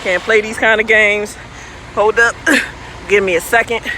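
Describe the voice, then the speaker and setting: A woman's voice: mid-range voice, steady tone, measured pace, bright, forceful tone. A woman truck driver chatting casually and playfully with her livestream viewers, speaking into a phone. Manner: playful, goofy, talks back to viewers' comments. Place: outdoors by a truck at night. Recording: faint outdoor vehicle noise.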